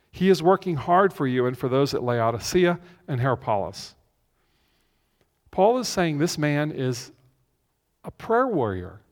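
In a church with a screen behind him, a male pastor gives a conversational sermon, repeating key phrases for emphasis. His voice is on the high side and sing-song, a little slow, with the long reverb of a large hall.

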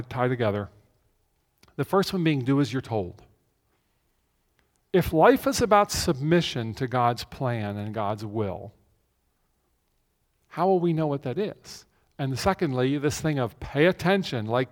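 A male pastor giving a conversational sermon, repeating key phrases for emphasis, in a church. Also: fairly high pitch. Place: church with a screen behind him. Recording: long reverb of a large hall.

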